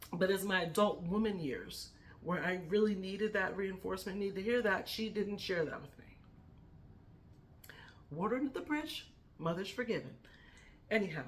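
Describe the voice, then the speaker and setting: A woman's voice: mid-range voice, slight background noise. A middle-aged woman speaking a heartfelt, emotional tribute to a family member in her vlog, fighting back tears. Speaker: vlogger.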